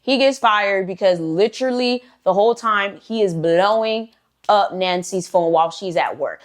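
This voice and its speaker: A woman's voice: medium pitch, normal speed. A woman hosting a storytime channel, telling a story casually with lots of slang, "like" fillers and swearing.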